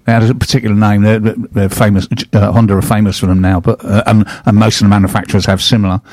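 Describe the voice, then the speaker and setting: A man's voice: fairly low pitch, level tone, fast, a little mellow, no room sound. A man hosting a casual chat, telling rambling stories with restarts and laughs. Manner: chatty anecdotes, frequent restarts and laughs. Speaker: host.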